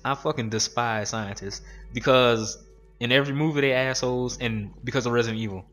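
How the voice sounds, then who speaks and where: A young man, rambling and swearing freely through casual let's-play commentary, his voice jumping up high whenever he mimics others. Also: quick pace, soft background music. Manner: rambling, profane, animated when quoting others. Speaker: gaming video host.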